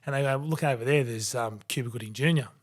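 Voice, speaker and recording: Australian man telling lively anecdotes. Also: mid-range voice, fast talker. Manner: animated anecdotes, acting out quoted voices. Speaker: guest, former rugby league player. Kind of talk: storytelling in a podcast interview.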